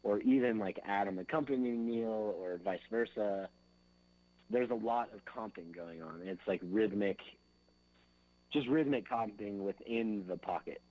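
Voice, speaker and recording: A man with a slightly low voice talks casually as a drummer in an interview. He rambles and leans on fillers. Now and then he sings grooves with his mouth to show how they go. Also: unhurried, darkish tone, poor audio. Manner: loose and rambling, fills with "like" and "you know".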